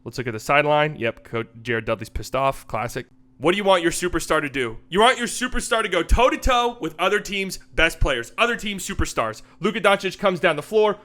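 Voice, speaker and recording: A young man hosting a casual basketball breakdown, animated and joking, cursing casually. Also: on the high side, fairly quick. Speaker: basketball analysis host. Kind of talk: casual sports breakdown commentary.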